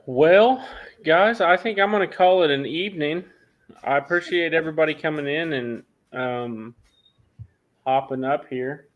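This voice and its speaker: A man chatting casually on a livestream, rambling with halting restarts. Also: a little high, highs cut off. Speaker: livestream host. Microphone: phone webcam.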